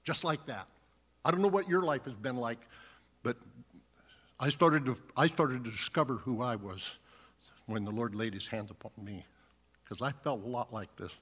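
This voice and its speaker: A man's voice: medium pitch, moderate pace, long pauses, fairly bright tone, husky. A man preaching a sermon, reading scripture aloud and then earnestly explaining it. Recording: long hall reverb.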